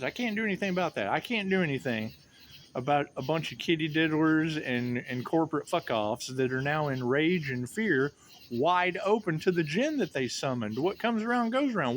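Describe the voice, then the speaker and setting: A man's voice: fairly high pitch, lively intonation, moderate pace, a little hiss or hum. A man giving a rambling, sardonic and profane monologue as a tarot reader, often repeating himself.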